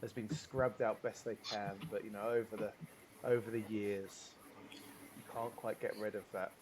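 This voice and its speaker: A man's voice: fairly low pitch, little pitch movement, normal speed. Man, game master, hesitant descriptive narration, faint background noise. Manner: hesitant, many fillers, descriptive.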